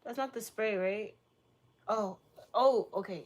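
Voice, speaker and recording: A woman's voice: mid-range voice, slow, a little mellow. A young woman from Boston, a livestreamer chatting casually with her chat, playful, teasing and crude in her jokes. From Boston, United States.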